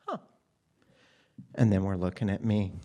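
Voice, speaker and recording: A man's voice: low-pitched, unhurried, mellow, lo-fi sound. Candid man telling his story on stage. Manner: candid, plainspoken, wry. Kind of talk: personal story told on stage. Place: stage under bright lights.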